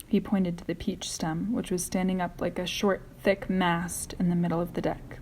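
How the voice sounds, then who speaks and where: A woman teacher reading a children's book aloud in clear, expressive storytelling. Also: lowish voice, normal speed, few pauses.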